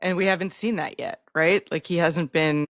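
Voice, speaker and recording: A woman's voice: fairly low pitch, fairly even intonation, normal speed, no room sound, studio quality. A woman co-hosting a podcast, chatting casually and adding thoughtful asides. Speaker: podcast co-host. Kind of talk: casual chat.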